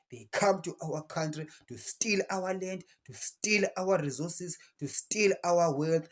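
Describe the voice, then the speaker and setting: A man's voice: on the high side, husky. A man with a Zimbabwean accent giving an impassioned, preachy political address to camera, defiant and repeating phrases for emphasis. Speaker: political commentator.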